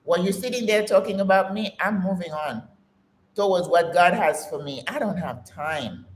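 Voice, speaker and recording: A woman's voice: fairly low pitch, moderate pace, reverberant, slight background noise. A woman in her sixties hosting her own channel, giving an emphatic, preachy motivational talk and calling her listeners sis. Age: 60s. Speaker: channel host. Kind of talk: casual motivational talk to camera.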